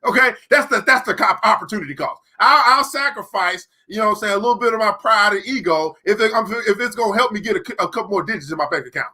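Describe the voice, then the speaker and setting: Male book club host, bright, high voice; emphatic, slow-repeating, sarcastic motivational talk. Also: animated, slightly rough. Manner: emphatic, repeats key lines slowly for effect; sarcastic, laughs between points. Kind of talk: live-streamed motivational book discussion.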